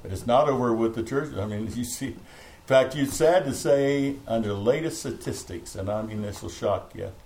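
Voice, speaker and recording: A man's voice: mid-range voice, normal speed, few pauses, darkish tone, poor audio. A middle-aged man preaching a fervent, rambling sermon to a small home church, breaking into laughs. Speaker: pastor. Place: home meeting room.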